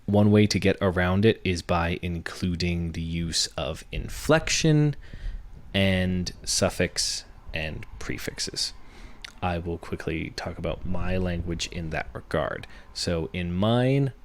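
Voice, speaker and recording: Young man, deep low voice, podcast host, teacherly, step-by-step explaining. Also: takes it slowly. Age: young adult. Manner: teacherly, walks through examples step by step. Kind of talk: workshop-style podcast explanation.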